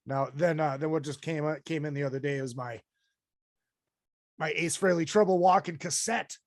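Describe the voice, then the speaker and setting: A man's voice: a little high, moderate pace, dry recording, studio quality. A man hosting a live podcast in a casual chat, reading listener comments aloud. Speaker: podcast host.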